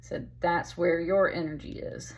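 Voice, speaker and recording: A woman's voice: lowish voice, steady tone, a little slow, a little mellow. A woman giving a casual, chatty tarot reading, talking straight to the listener and calling them honey. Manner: chatty, emphatic, calls the listener honey and baby. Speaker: tarot reader.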